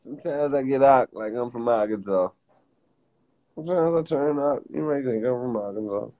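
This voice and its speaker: A man's voice: mid-range voice, moderate pace, narrow, tinny audio. A man from the Washington DC area on a casual livestream, joking and cursing, often breaking into laughter.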